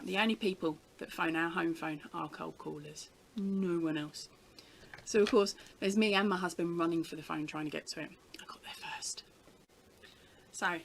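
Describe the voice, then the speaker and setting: A woman's voice: medium pitch, low-quality recording. A middle-aged woman from the UK, chatting casually to camera as a crafting vlogger, telling stories with a giggle.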